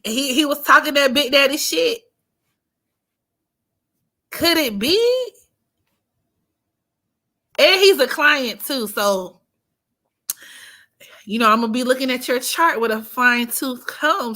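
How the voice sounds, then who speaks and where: A woman chats on an astrology livestream in a bright, fairly high voice. She talks slowly and playfully, teasing and laughing, sometimes dropping almost to a whisper. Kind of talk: casual livestream chat.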